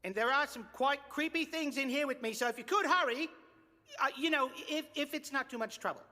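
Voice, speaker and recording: A timid cyclops. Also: male voice, extremely high pitch, a little fast, pushed and bright, exaggerated voice. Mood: anxious. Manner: fretful and apologetic, British slang. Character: timid, polite male cyclops archaeologist. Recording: game audio with long reverb.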